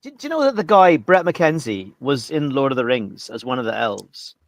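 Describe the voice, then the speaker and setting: A man's voice: medium pitch, very animated, normal speed, no room sound. A man chatting casually on a podcast, sharing trivia with enthusiasm. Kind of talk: casual chat.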